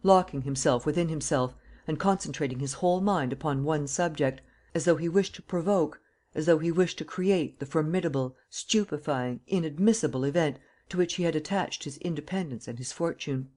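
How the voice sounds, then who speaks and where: A man narrating a classic novel as an audiobook in a steady, measured reading style. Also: on the high side. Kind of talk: scripted narration.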